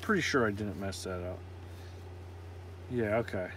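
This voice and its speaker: Speaking in a lowish, somewhat bright voice and never rushing, a man opens packs of trading cards and names each one. His running commentary is relaxed, with joking, self-deprecating remarks, against slight background noise.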